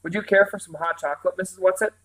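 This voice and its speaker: A man reading the part of a calm, reassuring mother who speaks lightly and briskly. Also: sits high, voice pushed up, poor audio.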